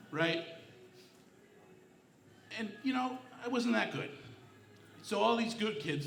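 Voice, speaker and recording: A middle-aged man doing a stand-up comedy set on a club stage, telling deadpan, self-mocking stories. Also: fairly high pitch, vocal fry, roomy sound, recorded from a distance, slight background noise. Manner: deadpan storytelling, self-mocking one-liners.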